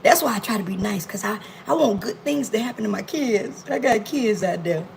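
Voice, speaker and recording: A woman's voice: medium pitch, expressive, brisk, gravelly, a little hiss or hum, low-quality recording. A woman hosting a casual cooking livestream from her home kitchen, playful and teasing her viewers as she talks into her phone. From Miami. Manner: playful, teasing viewers, drawling African American Vernacular speech.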